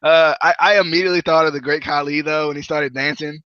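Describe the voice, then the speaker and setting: A man hosting a podcast, chatting casually and jokily about a wrestling show in a rambling, animated way. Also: fairly high pitch, quick pace, clear, resonant tone, no echo, muffled recording. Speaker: podcast host. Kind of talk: casual wrestling review chat.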